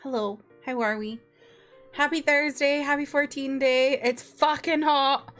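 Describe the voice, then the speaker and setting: Streamer: young Scottish woman, higher-pitched, casual chatty delivery with faint music behind. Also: steady tone, slow, a bit bright. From Scotland. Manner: chatty, laughing, swearing casually while greeting chat. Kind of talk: casual livestream chat. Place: home room.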